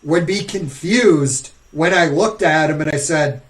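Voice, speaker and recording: A man with a fairly high voice rants bluntly and with plenty of profanity on a casual podcast. He takes his time and lets each point land slowly. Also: poor audio.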